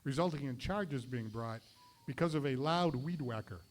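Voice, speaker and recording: A man's voice: mid-range voice, normal speed. A man hosting a live variety show, delivering a stand-up comedy monologue and apologizing after his own jokes. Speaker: host. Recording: noisy live show recording.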